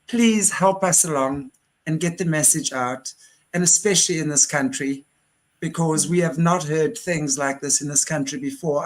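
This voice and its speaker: An interview host speaking with earnest passion at a middle pitch. The delivery is heartfelt and urgent, with frequent restarts mid-sentence. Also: low-quality recording. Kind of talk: casual interview chat.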